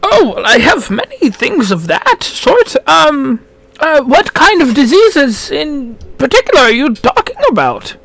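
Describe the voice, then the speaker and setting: A man's voice: very high voice, very animated, unhurried, creaky, a bit bright, no room sound, pitched above the performer's own voice, exaggerated voice. A man voicing a fairly old male gnome apothecary who is nervous and eager, stammering and fussy but polite. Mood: helpful.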